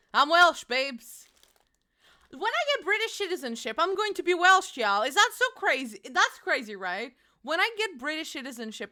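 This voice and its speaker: A woman's voice: high voice, sharp tone. A young woman streaming from her home, chatting casually and playfully with her chat and swearing freely.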